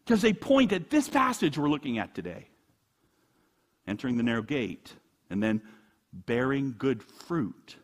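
A middle-aged man, a pastor, preaching a sermon in a church in a conversational, animated way, full of rhetorical questions. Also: medium pitch, slightly rough.

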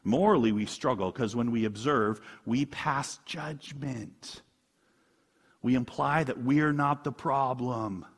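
A man's voice: mid-range voice, slow pace, slightly rough, big-room sound. A man preaching a conversational sermon as a pastor, asking rhetorical questions and chuckling often.

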